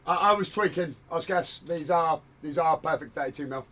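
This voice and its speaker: A man's voice: on the high side, a little fast, a bit bright. A man chatting casually on a hobby livestream from a room at home, rambling and self-deprecating while he works at his desk. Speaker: streamer.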